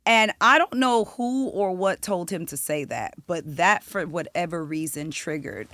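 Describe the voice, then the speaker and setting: A young woman from South Florida, a singer-songwriter telling a story as a podcast guest, animated and profane. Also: fairly low pitch, unhurried, no echo. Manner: animated, profane, acts out quotes. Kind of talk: casual storytelling interview.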